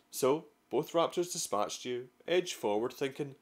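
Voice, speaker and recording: Profane, dramatic Scottish gaming vlogger. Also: male voice, mid-range voice, expressive, normal speed, few pauses. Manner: profane, dramatic storytelling with sudden outbursts. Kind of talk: comedic scripted vlog narration.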